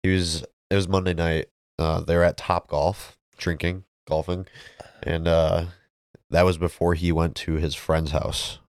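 A man's voice: low voice, level tone, a little slow, a little mellow, clean tone, no echo, studio quality. A man co-hosting a podcast, chatting casually and reading out news details with filler words. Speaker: podcast co-host. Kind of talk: casual chat.

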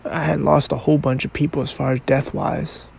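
A man hosting a podcast episode, telling a personal story in a halting, reflective and emotional way. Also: mid-range voice, level tone, gravelly, a little mellow, a little hiss or hum. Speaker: podcast host.

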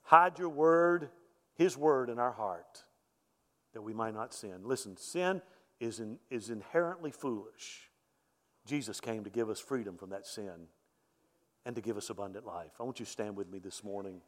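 A man's voice: on the low side, expressive, normal speed. A middle-aged man, preaching a sermon in a conversational way and often repeating his words as he goes. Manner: conversational preaching with frequent word repetitions. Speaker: pastor. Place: church sanctuary. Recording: echoey church hall.

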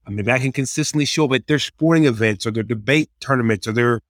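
A man's voice: mid-range voice, quick pace, no room sound, studio quality. Earnest man giving practical ministry advice. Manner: earnest, practical, acts out quoted prayers and kids. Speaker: youth ministry leader. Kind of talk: casual podcast advice.

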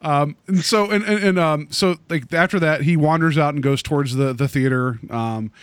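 Podcast guy rambling thru an episode recap, kinda higher voice, lots of ums and restarts. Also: normal speed, clean tone, dry recording. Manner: rambling, many fillers and restarts. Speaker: podcast co-host. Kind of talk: casual chat recapping a TV episode.

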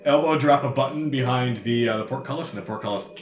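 A man narrating a tabletop game as game master, telling the scene in a lively, descriptive way. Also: mid-range voice, fast, echoey room, over music. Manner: animated, descriptive storytelling.

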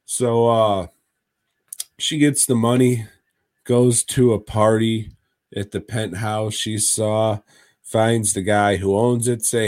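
Brief: male podcast co-host, crude and rambling, unhurried, dry close sound. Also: on the low side, fairly even intonation, a little mellow, no echo. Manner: crude, rambling recaps with laughs. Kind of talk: casual podcast chat.

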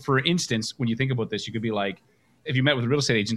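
A man's voice: medium pitch, very fast, fairly bright tone. A man hosting a coaching call, talking with energy and emphasis and acting out example phrases. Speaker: coach and host.

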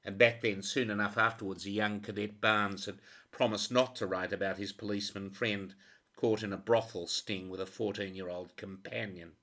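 Low bright male voice reading a crime story, steady and even. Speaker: narrator. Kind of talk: audiobook narration.

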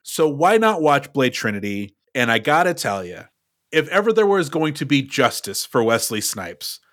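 A man's voice: medium pitch, very animated, moderate pace, fairly bright tone, no echo, studio quality. A man co-hosting a movie podcast, musing thoughtfully in casual chat. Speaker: podcast co-host.

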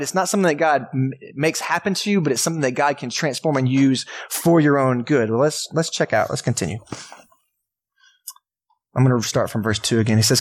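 A man as pastor giving a sermon in a church, talking in a casual, conversational way and asking the congregation questions. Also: mid-range voice.

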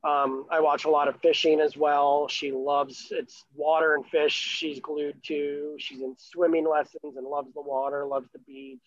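Excited 30s guy rambling through a story, kinda high pitched, muffled lo-fi audio. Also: unhurried, few pauses, dry recording. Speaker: sailor and new father telling a story. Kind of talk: casual chat. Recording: dull lo-fi recording.

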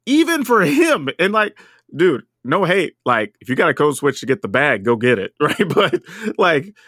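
A man co-hosting a podcast in casual chat, thinking aloud in an animated way. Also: on the high side, normal speed, dry recording, clean studio sound. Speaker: podcast co-host.

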